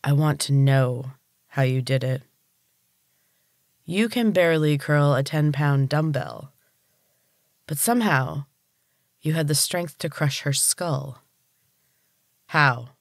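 A storybook narrator voicing a cruel man who runs a gym, speaking slowly and menacingly. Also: medium pitch, dry recording, clean studio sound. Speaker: villain. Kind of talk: audiobook character reading.

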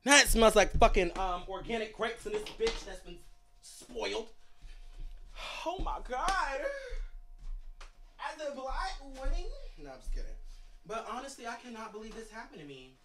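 Young male streamer, dramatic and animated, addresses viewers directly, very lively pitch. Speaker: livestreamer. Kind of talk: casual livestream chat.

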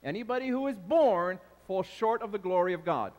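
A man preaching a sermon from the pulpit, animated and calling out to his congregation with questions. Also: high voice, moderate pace, long reverb tail. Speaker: pastor. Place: large church hall.

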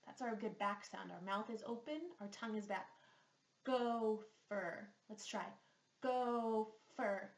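A woman's voice: mid-range voice, fairly even intonation, a little fast, gravelly, few pauses. A woman speech therapist reading a picture book aloud to young children, asking them patient, sing-song questions as she goes. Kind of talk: slow read-aloud lesson with questions. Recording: echoey room.

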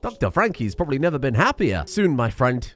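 A man commentating on a video game as a streamer, excitable, laughing and swearing often. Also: mid-range voice, brisk. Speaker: gaming streamer. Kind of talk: let's play commentary.

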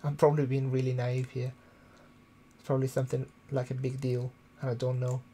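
Young man, from the UK, quiet live-stream chatter, slightly gravelly, faint background hiss. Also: medium pitch, completely flat delivery, fairly quick. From United Kingdom. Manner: talks quietly to keep from waking neighbors at night. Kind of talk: casual live-stream chat while playing. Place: room at home, early morning. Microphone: desktop USB microphone.

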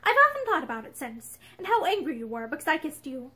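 A woman reading a storybook speaks for a composed gentleman, polite and a little detached. She keeps her own high, lively voice for him. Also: fast talker, exaggerated voice. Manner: calm, polite, offhand. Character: calm grown man, politely detached.

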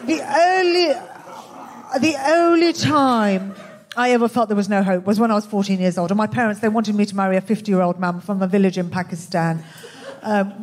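Birmingham woman doing standup, deadpan and self-mocking, noisy club recording. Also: medium pitch. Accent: Birmingham English. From England. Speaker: comedian. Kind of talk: stand-up comedy set. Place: comedy club with live audience.

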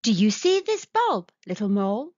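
A woman voicing a gentle, patient mother mole in a storybook reading, speaking softly and slowly and sometimes whispering. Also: mid-range voice, sing-song, no echo, close to an everyday voice. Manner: soft, slow and soothing, sometimes whispered. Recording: dull lo-fi sound.

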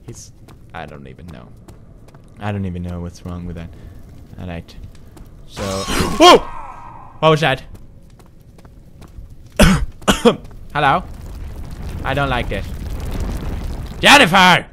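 A man giving goofy, jumpy commentary as he plays a horror game, with sudden loud outbursts. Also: fairly low pitch, sing-song, slow pace, long pauses, a little hiss or hum. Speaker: gaming commentator.

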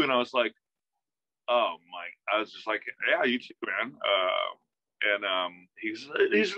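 A man, a musician guest in a casual interview, telling an animated story that acts out quoted dialogue, with many restarts, heard over a video call. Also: mid-range voice, measured pace, dry recording. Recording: dull, dry video-call audio.

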